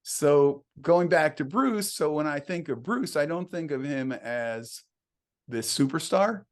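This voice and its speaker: A man's voice: fairly high pitch, animated, a little slow. A man, a songwriter guest in an interview, telling anecdotes casually, laughing often and acting out the dialogue he quotes.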